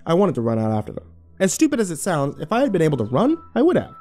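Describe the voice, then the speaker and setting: A man narrating a first-person horror story in a wry, expressive way. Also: on the high side, fast, faint music behind.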